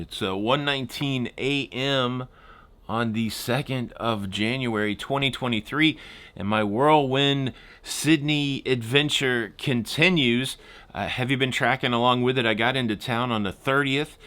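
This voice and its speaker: A man from the United States talks through his travel vlog in a loose, rambling way, laughing now and then. He has a bright, forceful tone at an ordinary pitch for a man. He has just woken up in the middle of the night. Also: clear, resonant tone. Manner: chatty and rambling, laughs often. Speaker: travel vlogger.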